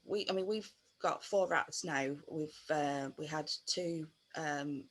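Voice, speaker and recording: A woman in her thirties, a pet bereavement counsellor, telling a personal story on a video call with many pauses and fillers. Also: low-pitched. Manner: hesitant, many fillers and restarts.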